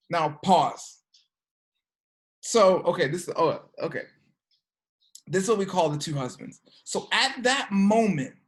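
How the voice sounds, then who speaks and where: A woman teaching a class, telling a story and checking in with her students with frequent "okay?" questions. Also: medium pitch. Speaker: teacher of an energy work class.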